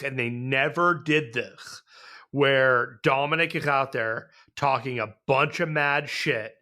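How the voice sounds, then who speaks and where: Bright-voiced man musing on wrestling. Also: mid-range voice. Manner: musing, imagines scenes aloud. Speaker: podcast co-host. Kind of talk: casual wrestling chat.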